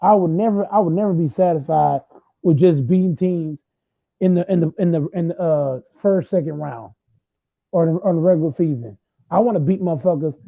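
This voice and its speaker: A man in his late twenties arguing football in a heated casual chat, loud and repetitive, trash-talking. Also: fairly high pitch, a little fast, creaky, no room sound. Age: late 20s. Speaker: host. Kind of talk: heated casual sports argument. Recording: tinny phone-like sound.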